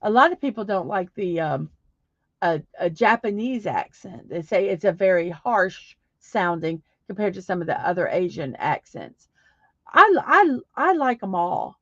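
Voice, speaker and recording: A woman's voice: on the low side, big pitch swings, measured pace, no echo. Middle-aged woman, casual livestream chat, rambling with fillers, dry close sound, slightly dull audio. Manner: rambling, many fillers and restarts. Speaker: livestream host. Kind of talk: casual chat reading viewer comments.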